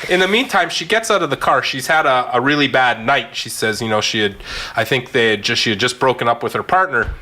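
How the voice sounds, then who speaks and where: A man telling a story in a casual podcast chat, animated, laughing often and using many fillers. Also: medium pitch, quick pace. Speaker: physician podcast co-host.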